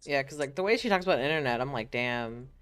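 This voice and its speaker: A woman's voice: low-pitched, animated, very fast, dry recording. A woman hosting a game stream, chatting casually and swearing freely. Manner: laid-back, swears freely. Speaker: streamer host. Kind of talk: casual chat while gaming.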